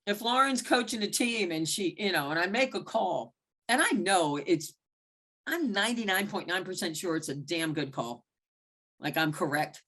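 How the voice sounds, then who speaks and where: A woman basketball referee telling frank stories in a mentoring talk, acting out the exchanges she recalls. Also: normal speed. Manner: animated, acts out quoted exchanges with big pitch jumps; blunt and frank, with occasional mild swearing. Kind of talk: candid storytelling in a mentoring talk.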